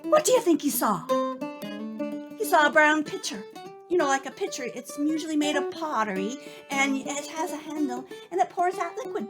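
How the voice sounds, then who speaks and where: A woman co-hosting a show and telling folktales with a playful, drawn-out delivery. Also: high voice, lively intonation. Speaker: storyteller and co-host. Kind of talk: folktale storytelling with banter. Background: guitar music.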